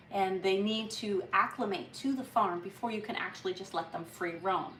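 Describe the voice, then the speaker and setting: A woman's voice: mid-range voice, distant mic. A woman hosts a casual live stream, chatting in a rambling way with plenty of restarts. Her voice sounds roomy and comes from some way off the mic. A faint background hum runs underneath. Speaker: livestream host. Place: home on a farm.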